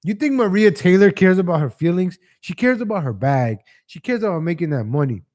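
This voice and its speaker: Guy ranting on his stream, kinda high voice, rambly, keeps chuckling and saying ladies and gentlemen. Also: lively intonation, a little fast. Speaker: livestream host. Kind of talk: casual opinion commentary.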